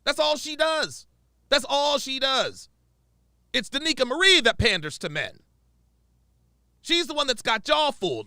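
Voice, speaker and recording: High, bright-voiced man ranting. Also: big pitch swings, a little slow, pauses often, clear, resonant tone, no room sound, clean studio sound. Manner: profane, exasperated, emphatic repetition. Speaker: commentator reacting to a clip. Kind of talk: ranting reaction commentary.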